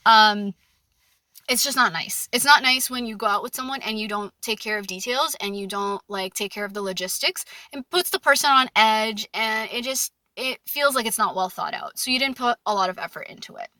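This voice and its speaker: A woman's voice: on the high side, moderate pace, sharp tone, dry recording. A young woman talking frankly about dating in a casual monologue, full of fillers and anecdotes. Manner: chatty, frank, anecdote-driven with many fillers. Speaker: dating advice commentator.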